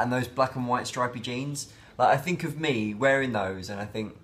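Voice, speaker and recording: A man's voice: medium pitch, brisk, few pauses. A man talking in a casual daily vlog, rambling and reflective, with many fillers and restarts. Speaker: vlogger.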